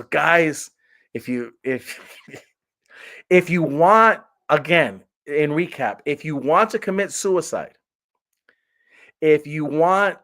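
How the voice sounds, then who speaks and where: A man's voice: mid-range voice, fairly bright tone. A man giving a sarcastic, exaggerated casual movie review, rambling with lots of restarts.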